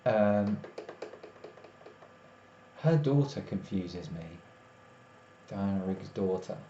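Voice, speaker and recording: Very slowly and expressively, a weary man with a warm, lowish voice rambles casually to his live stream viewers. The room echoes, and the lo-fi audio is dull with faint noise.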